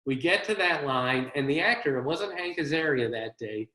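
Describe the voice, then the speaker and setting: A man's voice: fairly high pitch, animated, normal speed, bright, forceful tone. A man, a comedy writer, giving a one-man show with wry, self-deprecating comic storytelling over a video call. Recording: roomy echo.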